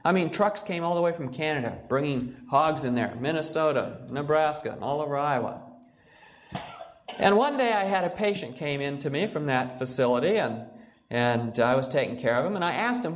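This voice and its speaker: A male physician giving a health lecture in a storytelling way, with lively acted-out quotes from patients. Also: mid-range voice, moderate pace. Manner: animated, acts out patients' quotes.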